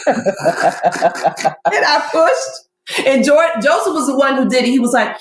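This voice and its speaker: A woman in casual podcast talk who tells a vivid story and acts out every quote. Her voice sits a little high. The recording has a roomy echo and a faint hiss behind it. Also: sing-song, slow, pauses often, shouting. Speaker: podcast host. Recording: echoey room with faint noise.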